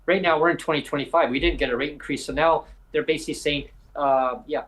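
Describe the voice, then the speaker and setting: A man's voice: fairly high pitch, steady tone, fast talker, few pauses, fairly bright tone, poor audio. A man from British Columbia, Canada, hosting a live podcast. He talks in a rambling, emphatic way with many hesitations. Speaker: podcast host. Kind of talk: live podcast advocacy talk.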